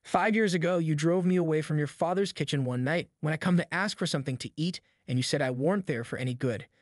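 Man reading as a menacing backwoods avenger, cold drawl, fairly high voice, dry booth sound, audiobook. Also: quick pace, dry recording, lightly acted. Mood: bitter.

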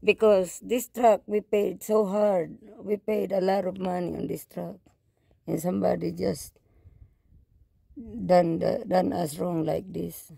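An older Filipino-accented woman, a truck driver, vlogs casually from a campground, then inside a small home, talking straight to viewers with repeated "guys" and "okay." She sounds upset, and her low, dark, husky voice with vocal fry stays steady and slow, with no room sound.

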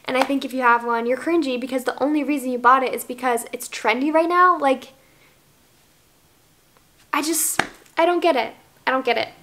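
Young american woman in her early 20s vlogging at home, high voice, gushy and chatty, lots of fillers, camera mic. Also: fairly bright tone, a little hiss or hum. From United States. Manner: bubbly, gushing, chatty with many fillers. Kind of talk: casual favorites vlog.

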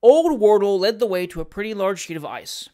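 A steady reader narrating a classic novel, measured and even in delivery. The voice sits at a middling pitch. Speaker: audiobook reader. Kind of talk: reading a classic novel aloud.

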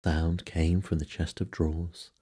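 A man narrating a bedtime sleep story in a soft, hushed way, sometimes whispered. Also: sits low, level tone, unhurried, slightly rough.

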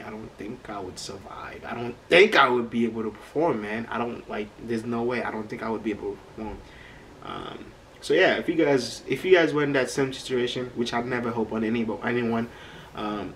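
Man, reaction-channel host, mid-pitched, loose slangy emphatic delivery that repeats itself, faint noise in the background. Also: rough recording. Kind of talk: casual reaction commentary.

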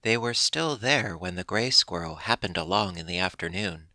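Male narrator for a children's storybook, bright, gravelly and warm-paced. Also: sits low, no room sound. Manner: gentle, measured storytelling.

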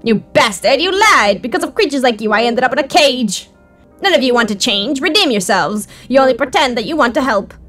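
A woman's voice: high voice, expressive, fairly quick, fairly bright tone, soft background music. A woman voicing a deranged talking bird with teeth, squawking in short broken phrases and repeating words. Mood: spiteful. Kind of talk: reading game dialogue aloud.

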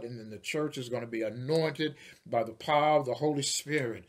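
A man, a pastor, preaching a sermon, moving from quiet storytelling to loud, rising declarations. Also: medium pitch, moderate pace.

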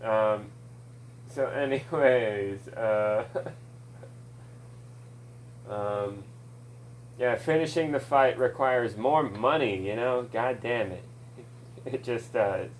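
A man's voice: medium pitch, extremely slow, long pauses, slight background noise, poor audio. A man ranting casually about a video game, rambling and swearing, with many fillers and laughs, recorded at home on a desk mic. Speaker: gaming commentator.

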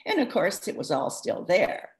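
A woman author giving advice in a live interview, talking in a lively, rambling way full of restarts and asides. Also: fairly low pitch, moderate pace, vocal fry. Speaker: author discussing her book.

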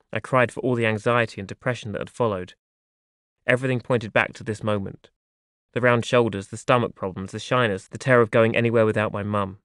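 A man reading his memoir aloud in a soft, wry, reflective way. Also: medium pitch, dry recording, studio quality. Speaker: audiobook narrator.

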